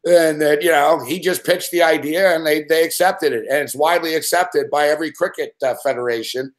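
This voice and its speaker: High-pitched man, profane agitated rant, show host, constant swearing. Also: a little fast.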